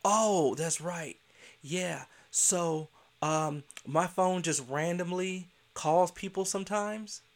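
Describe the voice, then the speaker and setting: A man's voice: high-pitched, takes it slowly, pitched above the performer's own voice. A man doing an evasive woman teacher caught lying. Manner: flat stubborn denials.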